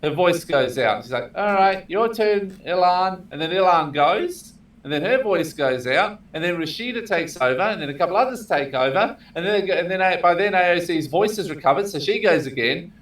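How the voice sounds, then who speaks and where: A man's voice: on the high side, lively intonation, brisk, few pauses, a bit bright. A man co-hosting a casual podcast, giving short reactions and spinning playful hypothetical stories. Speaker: co-host. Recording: echoey room, distant mic.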